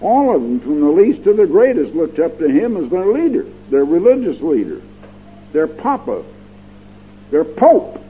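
A man's voice: a little high, sing-song, moderate pace. Older man preaching a folksy radio sermon. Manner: folksy and digressive, emphatic, repeats words. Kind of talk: radio Bible-teaching sermon. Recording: tinny lo-fi radio broadcast with faint hum.

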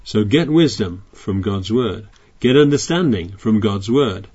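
A man's voice: fairly low pitch, lively intonation, moderate pace, few pauses, a little mellow, slightly rough. Guy giving a sermon, reads verses then chats through them, a bit lo-fi sounding. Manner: reads scripture aloud then explains it conversationally, with frequent restarts. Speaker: preacher.

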